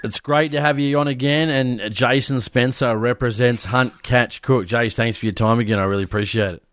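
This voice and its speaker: A man's voice: medium pitch, steady tone, moderate pace, fairly bright tone, no echo, studio quality. A man hosting a podcast interview with friendly, joking banter. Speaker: podcast host. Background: faint music.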